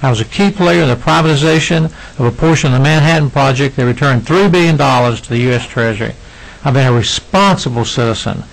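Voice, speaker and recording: A middle-aged man reading prepared testimony to a legislative committee, earnest and emotional, with halting restarts. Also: medium pitch, vocal fry, low-quality recording. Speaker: citizen witness at a legislative hearing.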